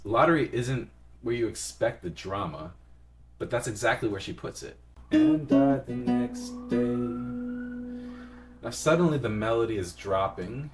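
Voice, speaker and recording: A man casually explaining song melody and lyric stress as a music teacher, in a friendly, conversational way. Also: lowish voice. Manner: explains in a friendly, conversational way and sings short phrases.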